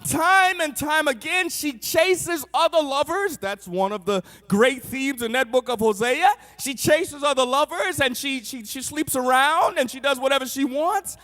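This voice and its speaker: A middle-aged man preaching a sermon, swinging from shouted peaks to soft asides. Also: extremely high pitch, animated, a little slow, few pauses, big-room sound.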